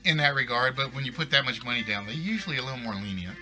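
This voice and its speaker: A man's voice: medium pitch, lively intonation, rapid-fire, over music. A man hosting a live game stream, chatting casually and rambling, correcting himself as he goes. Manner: rambling, self-correcting, apologetic. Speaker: game show stream host.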